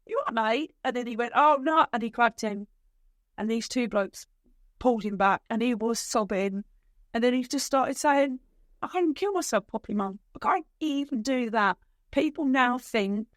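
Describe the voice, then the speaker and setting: A middle-aged woman, a guest on a podcast, telling her story emotionally, with halting restarts. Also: mid-range voice, dry recording, clean studio sound. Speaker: guest, bereaved mother. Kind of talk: podcast conversation.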